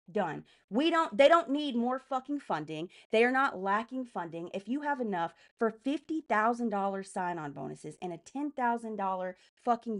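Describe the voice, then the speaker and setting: A young woman streaming live and venting about politics, cursing constantly and talking fast with mounting anger. Her voice sits at an ordinary middle pitch for a woman, and she sounds worked up and agitated throughout. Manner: heavy swearing, fast and heated. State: enraged, agitated.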